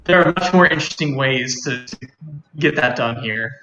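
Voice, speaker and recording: A man's voice: medium pitch, moderate pace, crowd noise. A man playing a tabletop game, joking sarcastically, heard over a dull, roomy remote mic. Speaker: player. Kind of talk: casual game chat.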